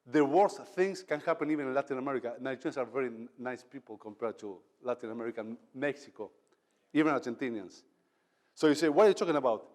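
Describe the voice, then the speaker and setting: A man's voice: medium pitch, fast, darkish tone. Man speaking in a reverberant hall. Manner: emphatic, acts out quoted lines. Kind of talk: motivational talk on leadership. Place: event hall.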